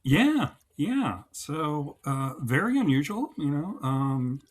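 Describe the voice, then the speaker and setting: A man's voice: a little high, big pitch swings, slow pace. A man from New Jersey co-hosting a podcast, chatting casually and laughing easily. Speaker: podcast co-host. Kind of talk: casual chat.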